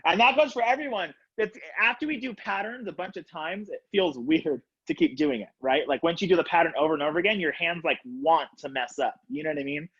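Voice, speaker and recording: A young man with a fairly high voice leads a color guard class from his floor at home, counting beats out loud and coaching in a casual, upbeat way full of fillers. His voice comes through a laptop webcam on a video call, with dull, muffled lo-fi sound. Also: a little fast, hardly any pauses, slightly rough. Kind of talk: live online class instruction.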